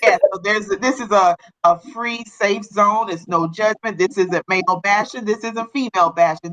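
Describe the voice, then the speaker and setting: Woman, talk show host, bright clear voice, chatty and encouraging, casual live stream. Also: mid-range voice, rough recording.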